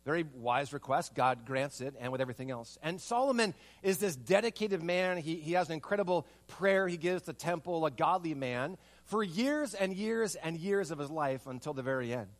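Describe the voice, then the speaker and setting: Male pastor with a high voice for his sex, animated storyteller who leans on repeated rhetorical questions. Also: moderate pace, few pauses. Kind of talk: sermon with personal story.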